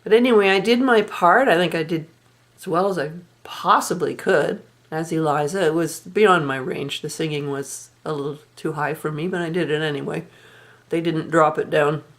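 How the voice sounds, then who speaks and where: A woman's voice: low-pitched, moderate pace. A woman telling a personal story in a candid, rueful and reflective way, sighing now and then. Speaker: vlogger.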